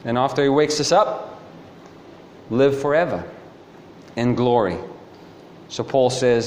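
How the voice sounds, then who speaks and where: A man's voice: medium pitch, slow pace, pauses often, darkish tone, slight background noise. A man preaching a sermon, telling stories with animation and asking the listeners rhetorical questions. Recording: echoey hall with faint ambience.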